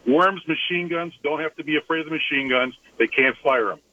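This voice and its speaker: A man calling into a radio show, explaining a joke theory deadpan. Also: fairly high pitch, a little fast, a little hiss or hum. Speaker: caller. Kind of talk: phone call to radio show. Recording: tinny phone line.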